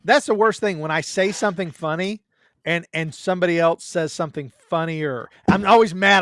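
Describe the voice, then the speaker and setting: A man who is a guest on a podcast, chatting casually with a joking, animated manner. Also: high-pitched, dry recording, studio quality. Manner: joking, animated, quick asides. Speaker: pastor and guest. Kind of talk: casual chat.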